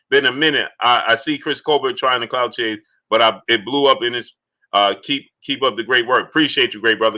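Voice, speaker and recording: Male livestream host, very bright tone, loose chatty delivery, mid pitch. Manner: loose and conversational, greets viewers by name, repeats himself. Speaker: livestream sports host reading Super Chats. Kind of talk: casual live-stream talk.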